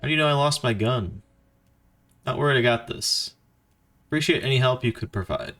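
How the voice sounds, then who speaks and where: Young guy streaming a game, jokey, reads options out loud. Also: medium pitch, lively intonation, fairly quick. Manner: joking, laughing, reads choices aloud. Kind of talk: casual let's-play commentary.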